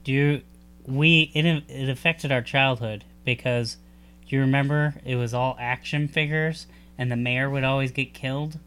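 Man, young adult, podcast co-host, casual banter, teasing, bright tone. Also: mid-range voice, fairly even intonation, moderate pace, smooth. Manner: joking, teasing, laughs often. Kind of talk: casual chat.

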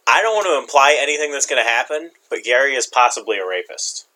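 A man in casual chat, calmly explaining things with a wry, laid-back manner. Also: medium pitch, quick pace.

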